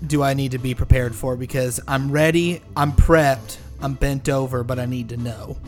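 A man's voice: mid-range voice, fairly even intonation, normal speed, a little mellow, faint music behind. A man in casual tabletop game podcast chat, goofy and bantering. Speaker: player.

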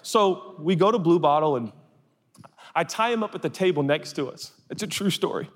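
A man's voice: on the high side, normal speed. A man preaching a sermon to a live audience, telling comic stories and acting out voices. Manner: animated, acts out voices for comic anecdotes. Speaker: pastor. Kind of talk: sermon storytelling. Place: large hall with audience. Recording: long hall reverb.

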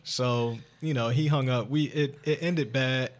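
A man hosting a podcast, telling a story in casual chat, animated and profane, jumping into a high excited voice when he quotes himself. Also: measured pace. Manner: animated, swearing, acts out his own lines in a high excited voice. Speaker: podcast host.

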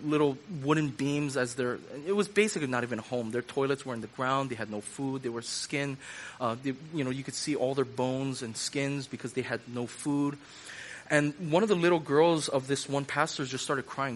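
A man's voice: mid-range voice, a bit bright. A man preaching a sermon in a loose conversational way, repeating phrases for emphasis and using casual fillers. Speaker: pastor.

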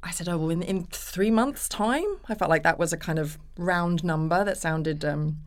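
With a fairly low-pitched voice at a moderate pace, an actress guest shares stories on a laid-back podcast interview. Her storytelling is lively, and she performs the voices she quotes.

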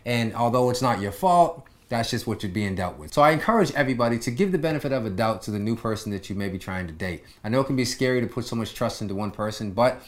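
A man hosting a relaxed relationship talk show. He chats easily with his guest, agrees often and sums up with calm advice. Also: mid-range voice, quick pace, few pauses. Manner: relaxed, advice-giving, with lots of agreeing "yeah". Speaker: podcast host. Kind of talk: casual chat.

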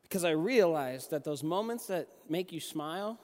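A young adult man giving a sermon, telling conversational personal stories with lively restarts. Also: on the high side, moderate pace, hardly any pauses, long reverb tail. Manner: conversational, animated storytelling with restarts. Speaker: youth pastor and junior high basketball coach.

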